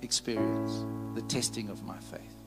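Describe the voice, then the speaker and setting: During a church service with piano accompaniment, a pastor with a fairly low voice preaches a little slowly. He is earnest and candid, calling out to the congregation for responses and sharing his personal testimony.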